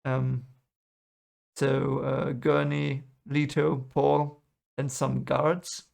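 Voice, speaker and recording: A man's voice: medium pitch, level tone, extremely slow, vocal fry, a little mellow. A man hosting a movie reaction, rambling and correcting himself as he thinks aloud. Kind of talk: casual reaction commentary.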